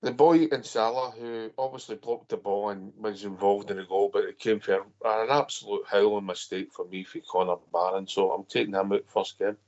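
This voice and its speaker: A man's voice: fairly low pitch, steady tone, moderate pace, few pauses, a little mellow. A man hosting a football phone-in, giving a blunt, frustrated match review and calling his co-host mate. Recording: dull lo-fi audio.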